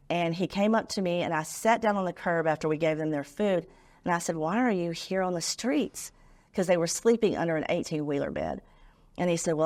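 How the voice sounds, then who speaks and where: A middle-aged woman, a nonprofit founder telling her story as a guest on a talk show and acting out the voices she quotes. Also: low-pitched.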